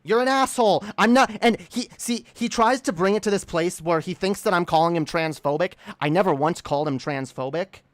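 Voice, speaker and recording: A woman's voice: lowish voice, a little fast, few pauses, no echo. A woman ranting in a commentary video, stammering and repeating words, swearing and indignant. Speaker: commentary streamer. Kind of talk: heated commentary rant.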